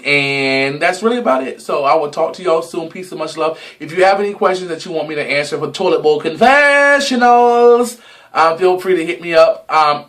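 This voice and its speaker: Sassy high-voiced young man ranting. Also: a bit bright. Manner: sassy, dramatic, swears freely; stretches words for emphasis. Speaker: vlogger. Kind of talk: casual gossip monologue.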